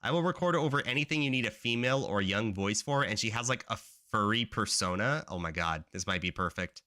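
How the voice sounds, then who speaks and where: A man's voice: on the low side, animated, brisk, sharp tone. A man streaming as a game developer, chatting casually and rambling with lots of fillers. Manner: rambling, filler-heavy talk. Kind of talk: casual live-stream chat.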